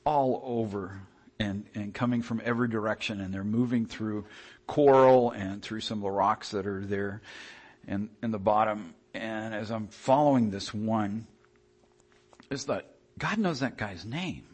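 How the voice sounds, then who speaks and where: A man preaching a sermon in a conversational, animated way, often restarting his sentences. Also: on the low side, unhurried, slightly rough.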